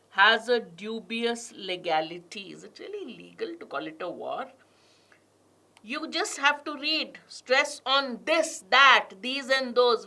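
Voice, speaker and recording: A woman's voice: on the high side, sharp tone. A woman teaching an exam prep class online, reading passages aloud with heavy stress on key words and questioning her students.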